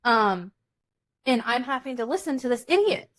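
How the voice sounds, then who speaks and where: Blunt, animated woman telling a story. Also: a little high, moderate pace. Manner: animated, blunt, swears freely. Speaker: podcast co-host. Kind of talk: casual storytelling chat.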